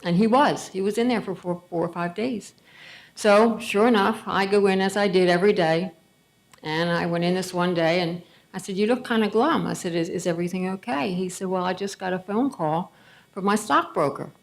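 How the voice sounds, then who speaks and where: A woman's voice: on the low side, steady tone, moderate pace, creaky. A middle-aged woman giving a conversational storytelling speech at a gala, acting out bits of dialogue. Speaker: gala speaker.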